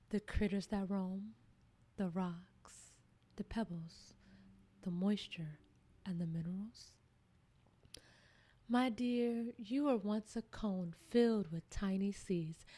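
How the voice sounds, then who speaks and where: A woman voicing a gentle, loving mother redwood tree who speaks in a soothing way. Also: mid-range voice.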